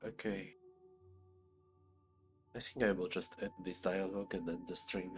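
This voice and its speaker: A man's voice: low voice, fairly even intonation, unhurried, faint music behind. A man streaming a game, reading its narration and making casual asides.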